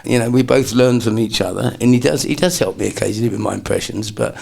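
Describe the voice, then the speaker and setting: A man's voice: mid-range voice, quick pace, gravelly, a little mellow, slightly rough. An older man, a comedian guest, telling rambling anecdotes in a casual interview and slipping into impressions.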